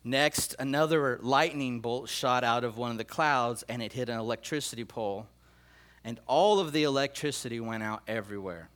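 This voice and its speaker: Here a middle-aged pastor, speaking at moderate speed in a medium-pitched and fairly bright voice, tells his congregation about prophetic dreams. Earnest and full of emotion, he frequently repeats and restarts phrases.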